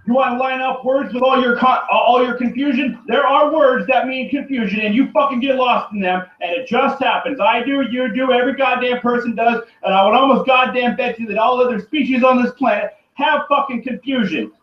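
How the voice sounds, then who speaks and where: A man with a strikingly high voice rants on his own, swearing constantly and circling back over the same points. He keeps breaking into shouts. The sound is dull and lo-fi, picked up from a distance in an echoing room with water running behind him. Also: normal speed. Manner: profane, rambling and repetitive, often shouting. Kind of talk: angry solo rant to camera. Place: room by a running turtle tank.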